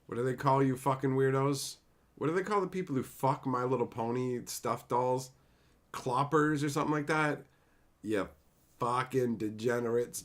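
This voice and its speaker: A man chatting casually on a home livestream, swearing freely and mocking as he rambles. He answers viewers in chat by name, and his voice sits at an ordinary middle pitch. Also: a bit bright. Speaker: livestream host.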